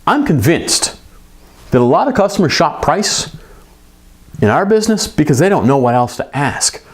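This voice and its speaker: A middle-aged man gives a coaching talk to repair shop owners, his voice sitting a little high and swinging widely in pitch. He speaks emphatically and conversationally, tossing in quick asides. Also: sing-song. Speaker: business coach for repair shops.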